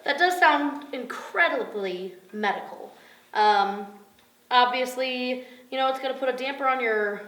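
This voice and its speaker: Woman reporter, chatty and gushing, slightly high voice, roomy sound. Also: a little slow, fairly bright tone. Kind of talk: parody interview. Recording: echoey room.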